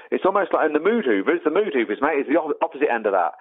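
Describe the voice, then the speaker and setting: A man's voice: fairly high pitch, lively intonation, fast, hardly any pauses. A man, a podcast guest chatting emphatically and often saying mate. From England. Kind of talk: casual conversation. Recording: phone-like audio line.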